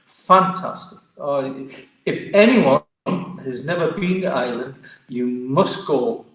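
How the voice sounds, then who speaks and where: A man's voice: medium pitch, slow. Chatty Geordie man in echoey room. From Newcastle, England. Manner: lively, chatty storyteller. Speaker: martial arts guest. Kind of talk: casual storytelling interview.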